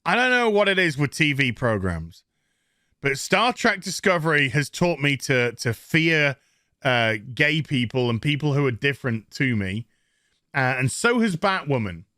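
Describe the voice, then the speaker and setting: A man's voice: on the high side, sing-song, measured pace, sharp tone, no echo, studio quality. A man with a Yorkshire accent ranting sarcastically through a profane TV review, mocking the characters with put-on voices. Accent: Yorkshire English. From England. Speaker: TV show reviewer.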